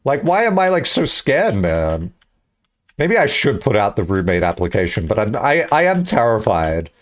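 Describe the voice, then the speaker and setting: Very animated at a moderate pace, a young streamer rambles through casual, self-mocking chat. When he performs his own lines, he breaks into high, squeaky bursts.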